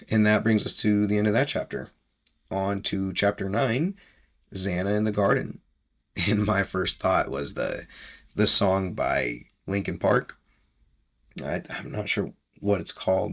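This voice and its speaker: A man's voice: deep voice, lively intonation, measured pace, creaky, fairly bright tone. A man hosting a podcast, casually recapping a book chapter in a rambling, chatty way with easy laughs.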